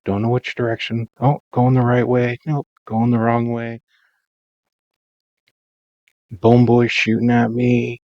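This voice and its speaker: Slow, low-voiced man narrating gameplay. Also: flat delivery, a little mellow, no room sound, lo-fi sound. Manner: rambling, self-mocking, dramatized storytelling. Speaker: Minecraft let's-play narrator. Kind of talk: casual gameplay voice-over commentary.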